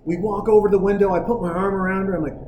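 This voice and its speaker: A man's voice: high voice, fairly even intonation, rapid-fire, darkish tone. A man hosting a podcast, telling a story in casual chat, swearing freely and acting out the people he quotes. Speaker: podcast host. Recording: roomy with faint noise.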